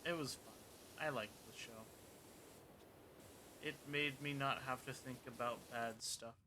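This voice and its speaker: A man's voice: medium pitch, fairly even intonation, a little slow, noisy background. A man streaming a cleaning game, rambling and joking to himself and his viewers as he plays. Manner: rambling, joking, talks to himself while playing. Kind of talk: casual gameplay commentary.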